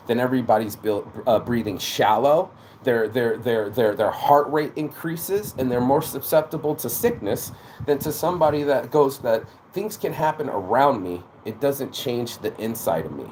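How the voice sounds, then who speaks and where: A man hosts his own show, delivering a rambling, profane motivational monologue packed with restarts and quoted asides. His mid-range voice has a darkish tone and lively intonation at a moderate pace. There's slight background noise.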